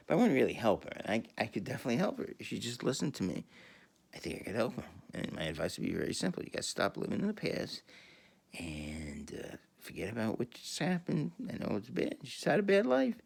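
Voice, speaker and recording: A man in a rambling, profane monologue who laughs often and swings from mumbling to shouting. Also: on the low side, creaky. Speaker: video host.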